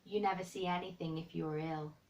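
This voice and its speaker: A woman's voice: fairly low pitch, fairly even intonation, brisk, far from the mic, lo-fi sound, natural voice. A woman reading aloud, voicing a sickly, bedridden boy who sounds cross and complaining. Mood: fretful. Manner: cross, complaining, dwells on dying.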